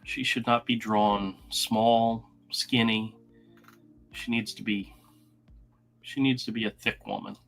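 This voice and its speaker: A man co-hosting a podcast, making relaxed, offhand comments in casual chat. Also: lowish voice, slow, creaky, long pauses, faint music behind. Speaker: podcast co-host.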